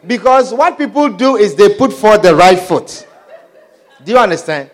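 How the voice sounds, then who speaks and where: Lively high-voiced male preacher. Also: moderate pace. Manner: animated, repeatedly asks "Do you understand?". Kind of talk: sermon.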